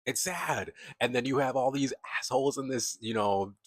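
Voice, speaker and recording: A man's voice: mid-range voice, fairly even intonation, a little fast, no room sound. A man giving a casual, chatty tarot reading, laughing often and acting out the voices of the people he describes. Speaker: tarot reader.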